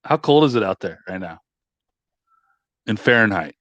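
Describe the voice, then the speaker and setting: A man's voice: fairly low pitch, lively intonation, moderate pace, fairly bright tone, no room sound. A man from California, a podcast guest in casual chat, laid-back and joking. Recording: dull lo-fi call audio.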